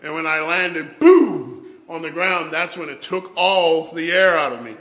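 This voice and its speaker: A man telling lively stories in a tribute to his pastor at a church service, acting out the quotes and laughing along. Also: fairly high pitch, normal speed. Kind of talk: anecdotal storytelling speech.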